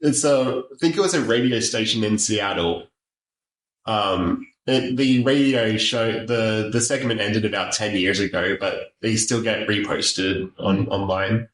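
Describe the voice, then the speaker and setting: A man's voice: lowish voice, a little slow, fairly bright tone. Guy chatting casually, lots of ums and likes, echoey room. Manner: rambling, lots of fillers and restarts. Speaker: podcast host. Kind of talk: casual chat.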